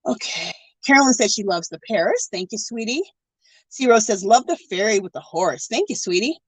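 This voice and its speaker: A woman's voice: medium pitch, animated, normal speed, breathy edge, no room sound. A middle-aged woman hosting an art livestream from home, chatting casually and reading viewer comments, gushing and teary. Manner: warm, gushing, emotional, scattered.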